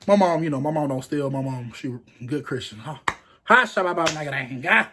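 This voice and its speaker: High-voiced man telling a lively story. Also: fairly quick, background noise. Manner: animated, acts out quotes in raised voices, laughs often. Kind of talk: casual storytime vlog.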